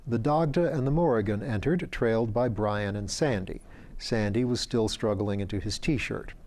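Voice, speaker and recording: Man narrating fiction in a mellow tone. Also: lowish voice, moderate pace. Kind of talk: audiobook narration.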